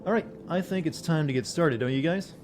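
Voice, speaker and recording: A man chatting casually with his viewers while streaming a game, in a flat, deadpan voice. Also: on the high side, fairly quick, music in the background. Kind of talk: casual livestream chat.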